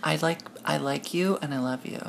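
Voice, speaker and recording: A man's voice: on the high side, moderate pace, creaky. Man, podcast host, chatty, gushing, laughs a lot, faint background hiss. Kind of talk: casual interview chat.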